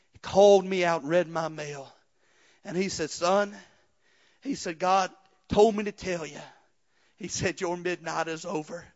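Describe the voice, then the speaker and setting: A male pastor preaching a sermon, moving from quiet testimony to rhythmic shouted preaching with "uh" breaths. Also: high-pitched, muffled recording.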